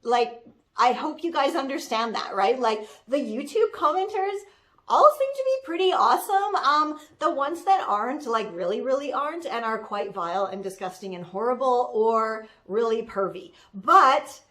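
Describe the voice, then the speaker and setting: A woman's voice: a little high, expressive, moderate pace, fairly bright tone. A woman putting on a bubbly valley-girl persona. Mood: indignant. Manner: valley-girl talk full of "like" and "totally". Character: bubbly trendy young woman, gushing social media manager. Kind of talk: comedic character monologue.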